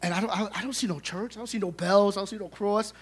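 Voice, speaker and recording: A middle-aged man telling funny, animated stories at a memorial service, acting out the dialogue. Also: high voice, quick pace, husky. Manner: humorous, animated, acts out dialogue. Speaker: son giving a eulogy. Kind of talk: storytelling eulogy at a memorial service.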